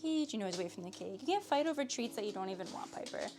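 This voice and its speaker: Lively woman cooing at her dogs. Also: medium pitch, fast, over music. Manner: talks to her dogs in a sing-song pet voice. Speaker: vlogger. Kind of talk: casual home vlog. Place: home kitchen.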